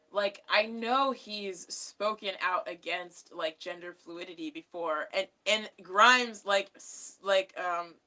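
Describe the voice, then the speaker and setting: Bright-voiced young woman chatting casually. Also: medium pitch. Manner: rambling, filler-heavy, laughing often. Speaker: YouTuber reading a book aloud. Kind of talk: casual vlog chat.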